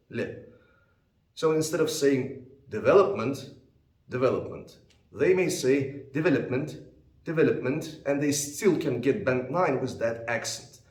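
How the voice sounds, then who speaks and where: A man's voice: medium pitch, darkish tone, echoey room. A man teaching English test preparation, explaining with patient, plain speech and repeating example words. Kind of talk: explanatory lesson.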